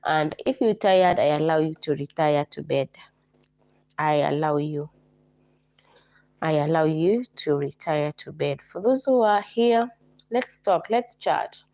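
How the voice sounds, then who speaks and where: Kenyan woman, livestream host, hoarse with flu, low mellow voice, repeats herself, greets viewers by name. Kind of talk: casual livestream chat.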